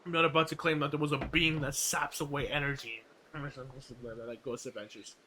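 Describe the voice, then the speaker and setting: A man's voice: mid-range voice, flat delivery, fast talker, sharp tone. A man streaming a game, chatting casually in a rambling, joking way with lots of fillers.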